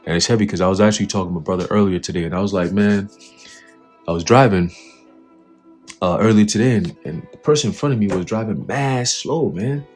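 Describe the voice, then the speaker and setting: A man's voice: on the low side, fairly quick, a little mellow, soft background music. A man giving a fiery, profane religious commentary, reading from an article and mocking it with scornful laughs. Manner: profane, scornful, preachy, laughs at his own jabs.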